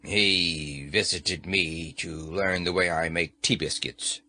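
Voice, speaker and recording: A man's voice: sits low, steady tone, takes it slowly, bright, forceful tone, voice pushed down, exaggerated voice. A man voicing a sly, defiant old female witch who answers sullenly and grudgingly. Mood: evasive.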